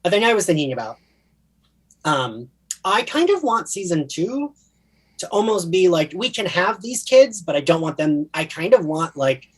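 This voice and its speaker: A man's voice: high voice, moderate pace, husky. A man from New Jersey with a New Jersey accent, co-hosting a podcast in casual, chatty talk full of fillers. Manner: chatty, many fillers, animated. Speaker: podcast co-host. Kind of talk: casual chat.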